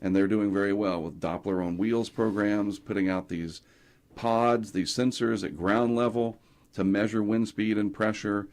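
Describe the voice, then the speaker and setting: Lower-voiced middle-aged man telling stories. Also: moderate pace. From North Carolina. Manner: animated anecdotes, acting out quotes. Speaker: guest, hurricane tracker. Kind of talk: casual storytelling interview.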